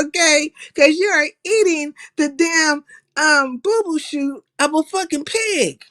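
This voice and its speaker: A woman's voice: high voice, fairly bright tone. A woman hosting a live stream, giving a blunt, profane monologue and laughing at her own jokes. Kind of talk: casual opinionated monologue.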